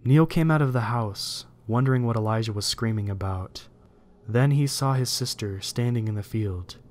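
A man at a middle pitch reads a first-person horror tale aloud. His narration stays steady and measured from line to line, the voice of a storyteller working through a script. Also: a little hiss or hum.

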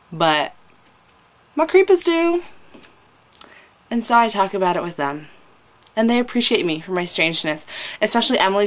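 A young woman vlogging at home to a webcam, rambling and gushing excitedly with lots of "like", a little teary. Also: on the low side. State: teary from crying. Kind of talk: casual fan vlog. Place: indoors at home, hot room.

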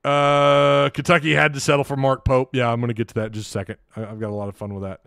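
A man's voice: medium pitch, little pitch movement, fast, creaky, fairly bright tone, clear, resonant tone, dry recording, clean studio sound. A man hosting a live sports talk show, rambling casually and reading out viewer chat. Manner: rambling, chatty, lots of restarts. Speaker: host.

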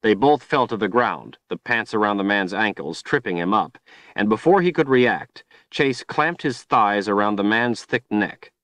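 Deep male audiobook narrator, grave steady reading, dry close studio sound. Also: normal speed, no room sound. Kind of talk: scripted narration.

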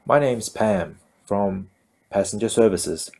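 A man's voice: lowish voice, takes it slowly, vocal fry, mellow, full character voice. A man voicing a cheerful, chatty middle-aged British woman who talks in an exuberant sing-song. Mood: gushing.

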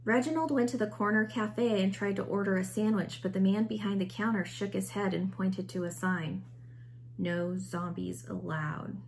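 A woman teacher reading a picture book aloud with expressive storytelling. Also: mid-range voice, a little hiss or hum.

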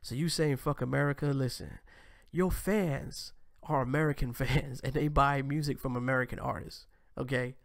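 A young man from the US East Coast hosting a casual livestream, talking in an animated, slangy way with laughing asides. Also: medium pitch, normal speed, creaky, no room sound, clean studio sound. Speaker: host.

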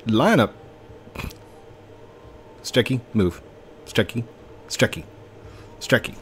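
A man's voice: on the low side, lively intonation, a little slow, pauses often, slight background noise. A young man streaming a game live, playful and joking with friends. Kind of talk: casual gameplay live stream.

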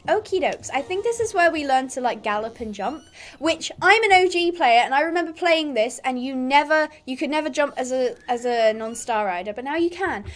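Chatty high-voiced gamer girl. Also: expressive, fairly quick. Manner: chatty, giggly, rambling. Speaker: gaming YouTuber. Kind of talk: casual let's-play commentary.

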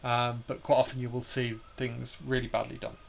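A man's voice: medium pitch, level tone, normal speed, gravelly. A man hosting a live stream, explaining slides in a hesitant way with many fillers and restarts.

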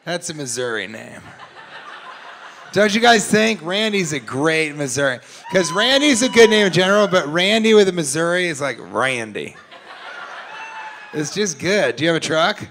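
Guy doing crowd work at a comedy club, gravelly bright voice, swearing a lot and ribbing people in the crowd. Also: a little high, big pitch swings, normal speed, slight background noise. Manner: brash, profane, teasing audience members; slips into mocking voices of audience members. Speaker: stand-up comedian. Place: comedy club stage before a live audience.

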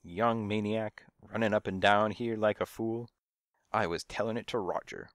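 A man's voice: fairly low pitch, steady tone, normal speed, dry recording, studio quality, lightly acted. A man voicing a nosy, fussy old woman who scolds and gossips from her windowsill in a storybook reading. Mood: gossipy. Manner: fussy, scolding, hard of hearing.

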